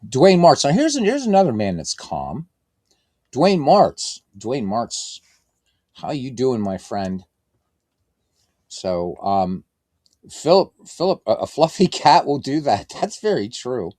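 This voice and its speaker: A man's voice: mid-range voice, wildly swooping pitch, slow, a little mellow, dry recording. A man hosting a baseball game stream, chatting casually and reading out lineups like a ballpark announcer, with playful self-mockery. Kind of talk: casual chat and play-by-play announcing.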